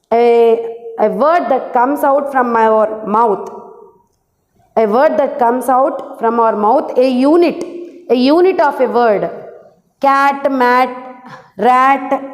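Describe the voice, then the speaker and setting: A woman teacher with an Indian English accent giving an English lesson to young pupils, slowly repeating each word and reassuring them. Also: high voice. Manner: slow, repeats words and reassures listeners. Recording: echoey room with long reverb.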